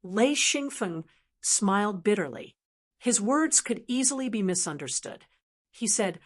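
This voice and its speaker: Woman, audiobook narrator, scripted narration, slow, even, middle pitch. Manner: even, measured storytelling.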